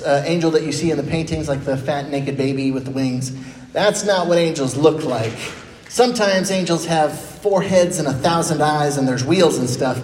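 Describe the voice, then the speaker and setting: Male pastor, upbeat conversational sermon, voices quotes playfully; roomy hall reverb. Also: on the high side. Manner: lively, conversational preaching with playful acted quotes. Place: church sanctuary. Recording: echoey church hall with faint noise.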